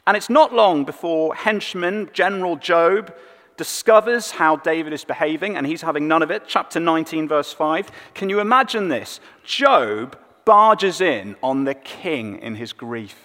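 A male preacher delivers a sermon with a lively, rising and falling pitch, telling the story expressively and going quiet at sad points. His voice carries a long reverb from a large church hall. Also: measured pace. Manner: expressive storytelling, dropping soft on sad moments.

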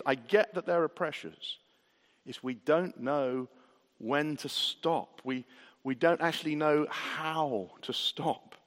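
A pastor with a fairly high-pitched voice preaches an earnest sermon, building his points through rhetorical questions and repetition, in a church hall full of reverb.

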